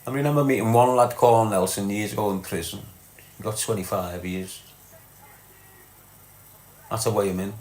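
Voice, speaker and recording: A man's voice: lowish voice, steady tone, moderate pace, pauses often, darkish tone. A man with a Liverpool accent, chatting casually on a livestream, greeting viewers and reading out their comments, blunt and sweary, calling people lad and mate. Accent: Liverpool (Scouse). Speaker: live streamer.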